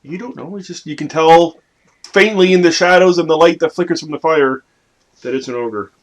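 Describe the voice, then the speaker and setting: A man narrates as game master for a family tabletop game, his voice sitting on the higher side for a man. He keeps the telling playful and lively, with sudden loud bursts at dramatic moments. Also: moderate pace.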